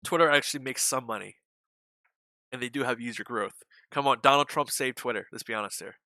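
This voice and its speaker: With a medium-pitched, sharp voice and a brisk pace, a man runs a live day-trading stream full of casual market talk. He hiccups, rambles, restarts frequently, and swears once in a while. There's no echo.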